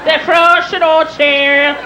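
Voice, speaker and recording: A man's voice: very high-pitched, level tone, extremely slow, background noise, heavily acted. A woman putting on an older Irish father with a thick brogue who talks earnestly and carefully, recorded live on stage over crowd laughter.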